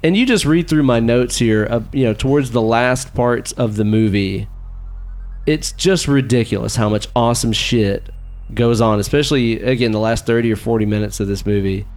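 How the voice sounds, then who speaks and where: A man co-hosting a casual chat show, laid-back and cursing freely, getting animated when excited. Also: medium pitch, normal speed. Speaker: podcast co-host.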